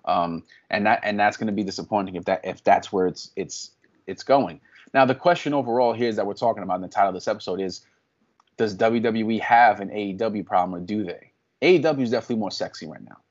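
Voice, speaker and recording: A man's voice: on the low side, fast, muffled recording. A man co-hosting a casual podcast, ranting with plenty of swearing and sudden bursts of exasperation. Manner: profane, ranting, animated. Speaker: podcast co-host. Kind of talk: casual wrestling podcast chat.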